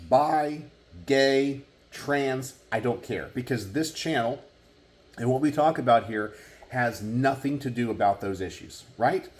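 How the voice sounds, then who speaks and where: A man hosting his own channel, talking earnestly to the camera and often checking in with "right?" and "okay?". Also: mid-range voice. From Texas. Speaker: gun channel host. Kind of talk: casual talk to camera.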